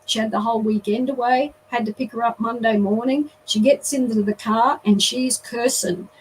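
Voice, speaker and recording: A woman, a guest telling a lively story in an interview. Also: fairly high pitch, normal speed, husky, recorded from a distance, low-quality recording.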